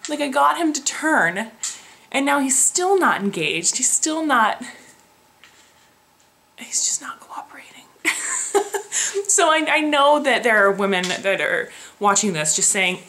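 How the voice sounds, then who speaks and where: A woman's voice: fairly high pitch, sing-song, measured pace, sharp tone, a little hiss or hum. A young woman casually vlogging, chatty and frustrated, laughing often. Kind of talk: casual pregnancy vlog.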